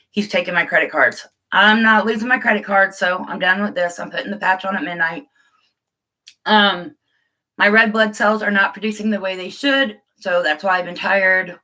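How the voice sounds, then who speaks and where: Chatty woman on a bright live stream. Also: medium pitch. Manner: chatty, rambling, laughs often, greets viewers by name. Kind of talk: casual live chat.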